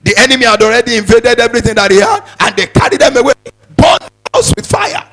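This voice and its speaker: A male preacher giving a sermon in a sing-song cadence, repeating words as he builds and breaking into sudden shouts. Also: very high-pitched, very animated, quick pace.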